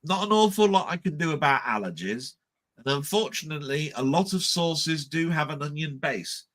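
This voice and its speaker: A man's voice: on the high side, expressive, normal speed, fairly bright tone. A man hosting a casual livestream, reading viewer comments aloud in a chatty, self-deprecating way. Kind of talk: casual live chat.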